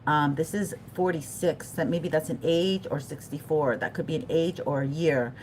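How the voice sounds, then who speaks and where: A woman's voice: low-pitched, normal speed, slight background noise. A middle-aged woman giving a live-stream tarot reading, chatting with viewers, laughing often and drifting off topic. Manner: animated and chatty, talks to the chat, laughs often, loses her thread. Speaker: tarot reader.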